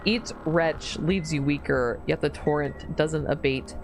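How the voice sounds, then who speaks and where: A woman with a low voice reads a horror visual novel aloud to her stream, lingering slowly over the gruesome narration. She breaks off into squealing, disgusted reactions and laughter. Faint music plays behind her. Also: low-quality recording.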